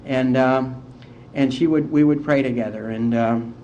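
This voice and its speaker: On a dull, lo-fi conference tape with slight background noise, a middle-aged West Virginian AA speaker shares his recovery story. His medium-pitched voice is steady and dark in tone, and he speaks in a heartfelt, unhurried way.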